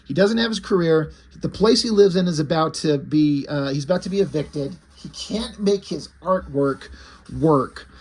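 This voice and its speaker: A man recaps a book's plot in a loose, rambling, conversational way. His voice sits a little high and has a husky grain. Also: moderate pace, darkish tone. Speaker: book reviewer. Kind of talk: casual plot retelling.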